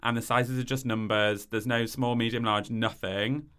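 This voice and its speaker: A man's voice: mid-range voice, fairly even intonation, moderate pace, a bit bright, smooth. A young man co-hosting a podcast, chatting casually and giggling while he reads listener mail aloud. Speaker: podcast co-host.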